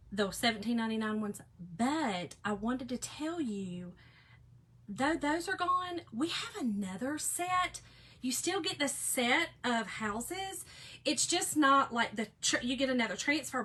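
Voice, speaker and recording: A woman in her 40s hosts a craft live stream, chatting casually through a demo while answering viewer comments. Her voice is on the high side, fairly bright and husky, and she reads comments aloud and laughs often.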